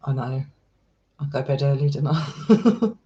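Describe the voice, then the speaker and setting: A man's voice: medium pitch, lively intonation, a little slow, dark tone, highs cut off. A man chatting casually with his live stream viewers, affectionate and talkative, calling people darling and sweetheart. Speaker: live streamer and paranormal explorer.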